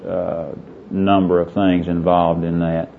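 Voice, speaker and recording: A man's voice: low-pitched, little pitch movement, takes it slowly, vocal fry, a little hiss or hum. A middle-aged man leading a Bible discussion, earnest and quoting scripture by chapter and verse. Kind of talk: Bible teaching talk. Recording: muffled lo-fi recording.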